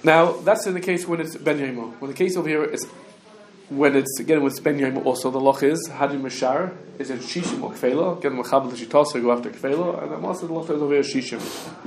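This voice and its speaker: Fast-talking man teaching a Talmud class. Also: mid-range voice. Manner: quick, restarts often, mixes Hebrew and Yiddish terms. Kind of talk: casual Talmud study lesson. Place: classroom with students. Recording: echoey room with faint background noise.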